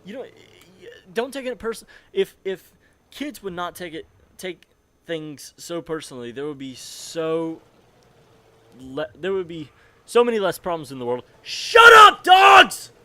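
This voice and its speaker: A man's voice: a little high, expressive, moderate pace. A nineteen-year-old man telling a rambling, profane story on his gaming channel, laughing often, into a desk mic. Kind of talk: casual storytelling while gaming. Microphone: desk microphone.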